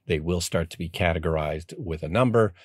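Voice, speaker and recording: Low-voiced earnest podcast co-host man. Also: a little fast, dry recording, clean studio sound. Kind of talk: casual podcast chat.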